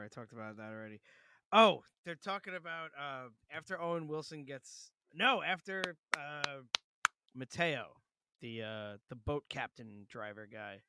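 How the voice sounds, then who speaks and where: A man's voice: medium pitch, bright, forceful tone, clear, resonant tone. A man co-hosting a podcast in casual chat, retelling a film's scenes with lots of swearing and laughter. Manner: swears freely, laughs often, mocks movie lines. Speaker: podcast co-host.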